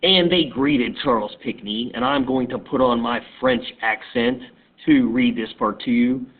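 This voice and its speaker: A male teacher walks through a history lesson as a loose, halting story. His delivery is slow and husky. The recording is thin and phone-like. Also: medium pitch. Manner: conversational, halting, digressive.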